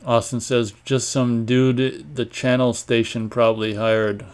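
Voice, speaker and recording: A man of middling pitch hosts a live stream, reading viewer comments aloud and riffing on them. He talks in a loose, rambling, offhand way and keeps stopping to clear his throat. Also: flat delivery, measured pace. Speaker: host of a live online radio stream.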